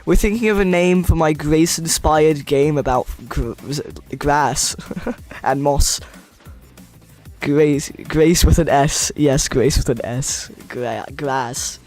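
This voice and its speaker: Soft music plays behind a young man from the US who takes his time, his voice on the high side and a touch mellow. He's streaming a game build, chatting loosely and playfully with viewers and reading their messages aloud.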